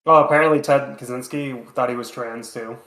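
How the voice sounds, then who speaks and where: A man's voice: medium pitch, fairly even intonation, brisk, fairly bright tone, echoey room, low-quality recording. A man co-hosting a podcast, talking casually in a rambling way, full of fillers and casual swearing. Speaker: podcast co-host. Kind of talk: casual chat.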